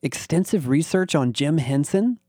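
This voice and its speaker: A man voicing a menacing lizard alien whose hushed words carry a hiss and a gurgle. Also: on the high side, animated, moderate pace, no echo, clean studio sound, pitched above the performer's own voice. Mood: probing. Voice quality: hissing, gurgling syllables. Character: menacing jewel-draped lizard alien, hissing.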